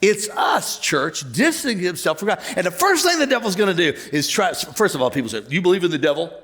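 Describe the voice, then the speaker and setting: A male pastor preaching a sermon to his church, animated, joking and conversational. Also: high voice, brisk. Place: church auditorium.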